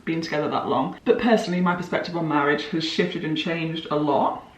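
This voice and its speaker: A chatty woman in her twenties talks through her makeup routine, bubbly and gushing. She sits some way back from the mic. The room around her is roomy and echoey. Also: deep voice. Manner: gushing, chatty, quick to laugh. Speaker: beauty vlogger. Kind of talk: chatty get-ready-with-me monologue. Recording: roomy echo, mic at a distance.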